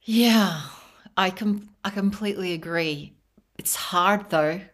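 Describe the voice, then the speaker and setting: A woman's voice: mid-range voice, takes it slowly, fairly bright tone. A young adult woman hosting a podcast, telling a story in a casual, chatty way and laughing often. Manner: laughs often, tells stories with restarts. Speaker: podcast host. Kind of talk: casual interview chat.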